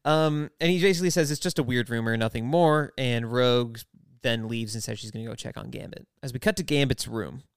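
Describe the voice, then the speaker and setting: A man on a podcast casually recapping an episode, telling the story with lively asides and frequent laughter. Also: medium pitch, brisk, clean tone, no room sound, studio quality. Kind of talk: casual chat.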